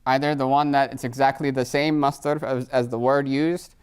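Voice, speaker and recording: A middle-aged man teaching Arabic grammar in a live class, his voice smooth and resonant at an ordinary pitch. He explains patiently, keeps checking in with his students, and slips Arabic terms into his English. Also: level tone, normal speed.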